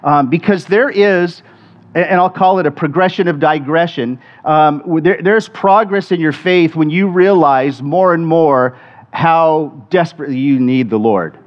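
A man's voice: on the high side, unhurried. A middle-aged man preaching a sermon in a conversational way, often restarting and repeating words. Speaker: pastor. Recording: muffled lo-fi sermon recording.

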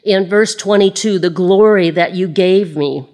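A woman preaching a sermon, chatty with self-deprecating asides, slowing down to read verses aloud. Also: lowish voice, a little mellow. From Illinois. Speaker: Bible teacher.

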